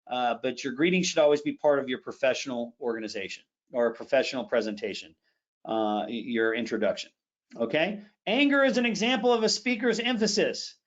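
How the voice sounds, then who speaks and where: A middle-aged man teaching public speaking in a live online session, energetically demonstrating phrases with sudden shifts in pitch and pace. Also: a little fast, dull audio.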